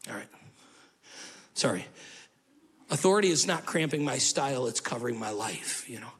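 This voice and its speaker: A male pastor preaching a sermon in an animated way, with humorous asides and acted-out quotes. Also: medium pitch, normal speed, slightly rough.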